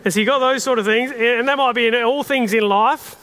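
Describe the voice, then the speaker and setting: Brief: Australian male pastor, earnest and conversational, high voice, long hall reverb. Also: a little fast, sharp tone. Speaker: preacher. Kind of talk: sermon.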